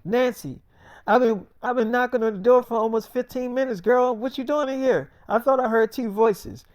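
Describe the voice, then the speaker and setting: A man playing a jealous young boyfriend, loud and demanding, swearing as he talks. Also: extremely high pitch, moderate pace, dry recording, studio quality, pitched above the performer's own voice. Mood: confused.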